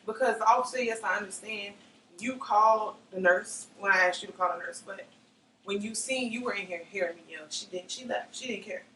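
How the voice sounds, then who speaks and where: A woman's voice: medium pitch, brisk, pushed and bright. A young woman giving an emotional personal testimony, often acting out what others said. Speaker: interviewee. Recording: roomy, slightly distant mic with faint noise.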